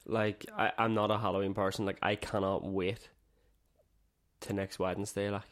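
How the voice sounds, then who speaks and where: A man's voice: lowish voice, level tone, normal speed, fairly bright tone. A man co-hosting a podcast in casual chat, blunt and teasing with a drawl. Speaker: podcast co-host.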